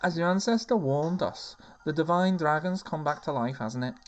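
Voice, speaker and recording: A man's voice: fairly high pitch, moderate pace, highs cut off, soft background music, voice pushed up, lightly acted. A man voicing an earnest, lovesick young male winged elf in a put-on Scouse accent, pleading and emphatic.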